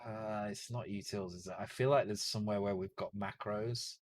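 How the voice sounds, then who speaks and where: A man's voice: on the low side, steady tone, normal speed. A man with a Northern English accent, streaming live as he codes and thinks aloud, muttering to himself, correcting himself and joking with casual swearing. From Northern England. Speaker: streamer coding a retro game.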